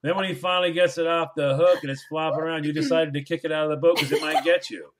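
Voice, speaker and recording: A man's voice: fairly high pitch, steady tone, fast. A man hosting a podcast, teasing his co-host in casual banter and acting out what other people said. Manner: teasing, acts out others' lines.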